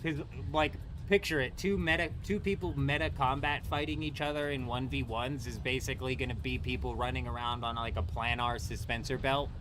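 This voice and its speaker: A man's voice: mid-range voice, fairly even intonation, fairly quick, few pauses, background noise. A young man streaming a game live, ranting and swearing at its combat mechanics. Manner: frustrated, profane, ranting. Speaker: gaming streamer. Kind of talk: live gameplay commentary.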